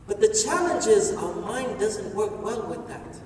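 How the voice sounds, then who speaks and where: High-voiced man, energetic stage speaker. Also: unhurried, a little hiss or hum. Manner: energetic, playful, gives the audience instructions. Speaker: motivational speaker. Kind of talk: stage talk. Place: large hall with an audience. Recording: echoey hall from far off, faint ambience.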